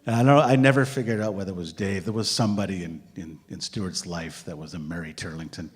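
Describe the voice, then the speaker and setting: A man telling lively anecdotes, acting out the voices of the people in them and laughing as he goes. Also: deep voice, fast, husky, long reverb tail. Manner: animated, acts out quotes, laughs often. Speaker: storyteller sharing memories. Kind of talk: anecdotal storytelling.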